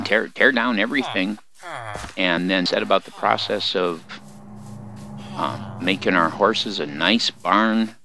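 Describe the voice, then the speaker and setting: An older man with a lowish voice and vocal fry hosts a let's play, rambling through folksy commentary on the game and talking to his in-game animals. It's a noisy home recording, with mouse clicks audible.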